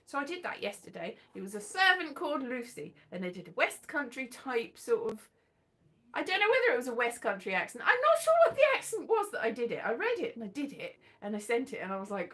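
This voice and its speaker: Lively, high-voiced woman rambling. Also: normal speed, soft background music. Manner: rambling, animated, sings snatches and breaks into cheers. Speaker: vlogger. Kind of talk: casual chat.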